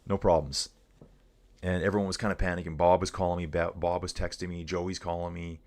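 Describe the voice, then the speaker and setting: A middle-aged man with a low, deep voice talks fast while chatting through live bike race commentary. His delivery is easygoing yet energetic, and he keeps calling his viewers dudes and guys.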